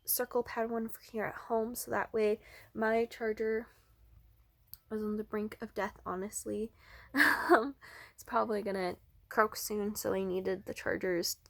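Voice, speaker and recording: A young woman talking casually at home, chatty and bubbly, with many fillers and some hushed asides. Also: medium pitch, fairly even intonation, measured pace, creaky, no room sound. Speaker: vlogger and art teacher. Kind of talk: casual vlog chat. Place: indoors at home, in a bedroom.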